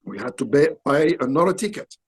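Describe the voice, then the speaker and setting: A man in his sixties from Belgium, speaking English with a French accent, animatedly telling a story in halting English and acting out what people said. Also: a little high, very animated, darkish tone, breathy edge. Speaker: interview guest, actor. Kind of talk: storytelling interview.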